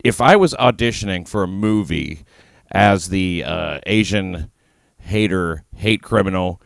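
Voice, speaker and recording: A man hosting a podcast in casual chat, delivering commentary in a dry, sardonic deadpan. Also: low voice, measured pace, gravelly, dry recording. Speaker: podcast host.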